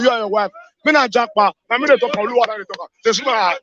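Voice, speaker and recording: A man from Edo State with a Nigerian accent, ranting fiercely as a caller on a live radio show, shouting and repeating himself and slipping into Pidgin. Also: high-pitched, fast. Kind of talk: impassioned live radio call-in rant. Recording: dull lo-fi radio audio.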